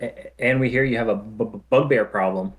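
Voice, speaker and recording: A man's voice: on the low side, a little fast, lightly acted. A man voicing a nervous young male adventurer who stutters.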